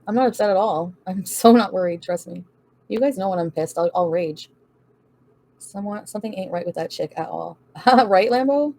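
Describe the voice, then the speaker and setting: At a normal speed and in a mid-range, slightly mellow voice, a woman runs a casual livestream where she reads viewer comments and fires back bluntly, profanely and defiantly, laughing a lot.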